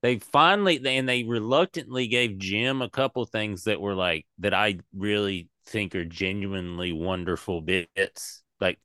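A man's voice: fairly low pitch, moderate pace, few pauses, smooth, no room sound, clean studio sound. A man co-hosting a podcast, rambling and swearing in casual chat about comedy shows. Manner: rambling, animated, swears a lot.

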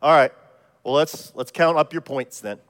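A pastor voicing a calm, offhand Saint Peter at heaven's gates, telling a joke in a sermon. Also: male voice, on the high side, voice pushed down, natural voice. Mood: calm, dry. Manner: unhurried, dry, offhand. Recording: long church reverb.

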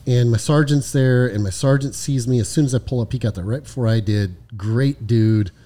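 A man, a former highway patrol lieutenant, telling a story casually on a podcast, swearing freely and tagging his lines with "right?". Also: moderate pace, warm tone. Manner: profane, frequent "right?" tag questions.

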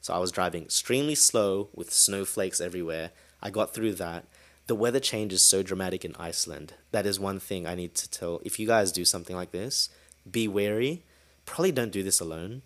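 Brief: podcast host, man, lowish voice, casual storyteller who swears freely. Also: fairly quick, fairly bright tone.

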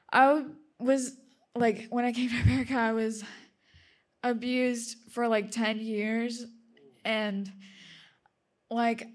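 A young woman from Russia, a native Russian speaker, shares a personal testimony with a group, nervous and halting. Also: fairly high pitch. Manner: nervous and halting, with apologies and nervous laughter.

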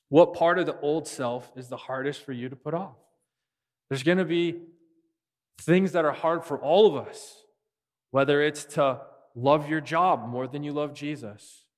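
A man preaching a sermon as pastor, earnest and repeating key phrases for emphasis. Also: a little high. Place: church sanctuary. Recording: long reverb of a large hall.

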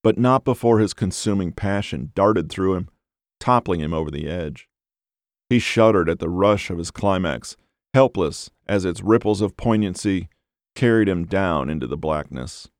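A man narrating a dark novel as an audiobook, in a measured, unhurried way. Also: sits low, expressive, dry recording, studio quality.

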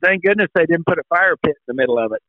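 Folksy guy chuckling thru stories on a golf podcast, tinny phone-sounding audio, kinda high voice. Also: expressive, rapid-fire, no room sound. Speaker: podcast co-host. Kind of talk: casual chat.

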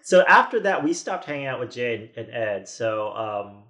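A man's voice: mid-range voice, sing-song, normal speed, bright, forceful tone. A man in his forties, a podcast guest, telling a story in casual chat with many restarts and quoted asides.

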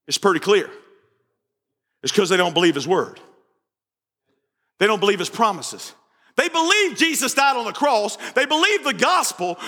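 A man preaches a lively sermon in a very high, bright voice. He breaks into jokes and acts out quoted voices. The sound carries a long church-hall reverb. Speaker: pastor.

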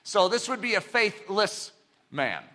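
A man's voice: high voice, very animated, measured pace, bright, forceful tone. A man preaching a sermon, emphatic and full of rhetorical questions.

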